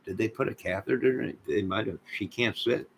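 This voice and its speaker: A man hosting a livestream, rambling and joking in a deadpan way as he talks to viewers in chat. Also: on the low side, fairly quick, a little hiss or hum, poor audio. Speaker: livestream host.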